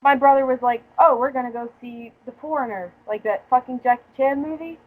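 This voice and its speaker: A woman's voice: high voice, brisk, darkish tone, poor audio. Profane, joking young woman telling stories. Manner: profane, joking storyteller who laughs often. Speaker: podcast host. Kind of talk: casual chat.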